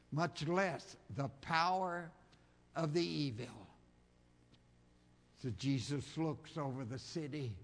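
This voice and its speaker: A man preaching a sermon as pastor, impassioned, rising to loud high-pitched cries, slow and deliberate. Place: church hall. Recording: long reverb of a church hall.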